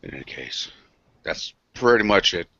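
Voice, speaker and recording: Man, very low pitch, bright edge, crude and blunt, dry dull sound. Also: big pitch swings, moderate pace, dry recording. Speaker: podcast co-host. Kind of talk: casual chat.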